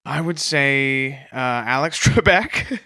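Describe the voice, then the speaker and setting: A man's voice: medium pitch, expressive, slow pace, sharp tone, dry recording, studio quality. A Canadian man co-hosting a comedy podcast, chatty and steering the conversation with prompts. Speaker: podcast co-host. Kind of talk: casual comedic chat.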